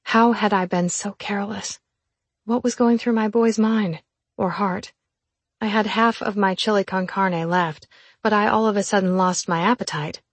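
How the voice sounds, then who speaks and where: A woman narrating a first-person novel as an audiobook, in an even, measured reading. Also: mid-range voice, husky, dry recording.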